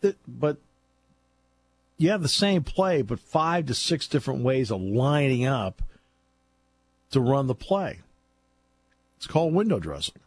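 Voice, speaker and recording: A man's voice: medium pitch, sing-song, measured pace, pauses often. A man talking football in casual chat, chatty and laughing often as he tells stories. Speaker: football analyst.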